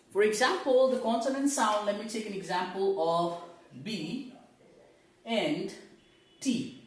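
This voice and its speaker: Woman teaching English sounds in an echoey room. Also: medium pitch. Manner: explains step by step, asks rhetorical questions, models sounds aloud. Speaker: English pronunciation trainer. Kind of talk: online teaching lesson.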